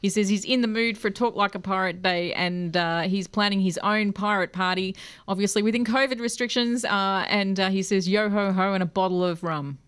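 An Australian woman hosts a community radio show in a friendly manner and laughs easily. Her voice is mid-pitched, and fillers and ums run through her talk. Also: fairly even intonation, moderate pace, fairly bright tone, clean tone. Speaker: radio host.

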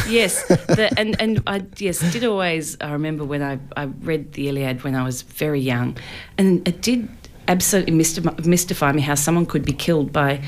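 A woman's voice: low voice, moderate pace. A woman, an author and archaeologist, chatting animatedly in a radio studio interview and laughing often.

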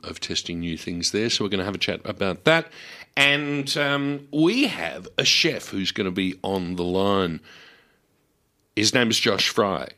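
A man's voice: low-pitched, bright, forceful tone. An Australian man hosting a community radio show, chatty and enthusiastic, with lots of fillers.

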